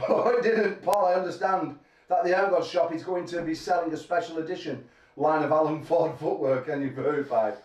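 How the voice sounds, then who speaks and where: Guy rambling crude stories at a presser, bit high voice, heard from far off in a big echoey room. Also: fairly quick, darkish tone. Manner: rambling, crude joking storyteller who laughs often. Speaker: arm wrestling promoter. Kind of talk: press conference banter.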